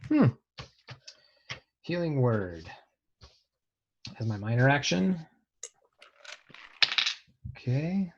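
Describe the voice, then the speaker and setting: A man's voice: mid-range voice, sing-song, drawn-out words, pauses often, lo-fi sound, very noisy. A man playing a tabletop game, talking through his turn in a dry, understated way. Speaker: player.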